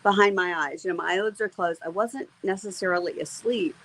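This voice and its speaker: A woman's voice: on the low side, fairly quick, fairly bright tone, slight background noise, poor audio. A middle-aged woman, an interview guest, telling a personal faith testimony in an earnest, emotional way, with many fillers and restarts.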